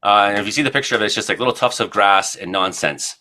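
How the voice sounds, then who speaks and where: In a radio studio, a man in his forties from Ontario, Canada co-hosts a casual chat show, rambling through news items and stories with many fillers. His lowish voice is quick, bright and forceful.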